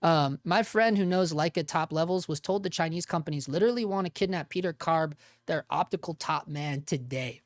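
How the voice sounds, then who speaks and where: A man's voice: on the high side, brisk, hardly any pauses, no room sound. A man hosting a casual live stream, laid-back and profane, laughing often and calling people dude and bro. He has an unusual voice that he uses for cartoon work.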